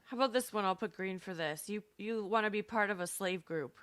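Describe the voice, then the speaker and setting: A woman's voice: mid-range voice, brisk, fairly bright tone, smooth, dry recording. A woman co-hosting a podcast, reading quiz questions aloud in a matter-of-fact way and often laughing. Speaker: podcast co-host.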